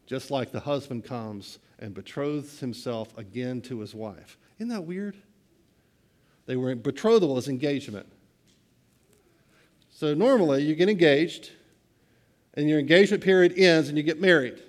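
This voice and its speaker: A middle-aged man preaching a sermon, swinging between hushed, quiet lines and loud, excited bursts. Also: on the high side, moderate pace, pauses often. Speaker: pastor.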